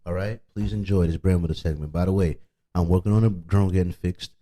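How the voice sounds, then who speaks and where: Casual Detroit podcast host, male, low husky voice, animated, foul-mouthed, faint music bed. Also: a little fast, rough recording. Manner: animated, swears freely, repeats "you know what I mean".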